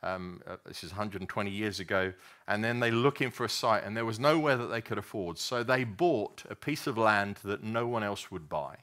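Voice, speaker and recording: A man delivers a sermon in an earnest, storytelling way, often restarting his sentences. His voice sits a little low but sounds bright and forward. He talks with many fillers as he works through his points. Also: normal speed. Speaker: preacher.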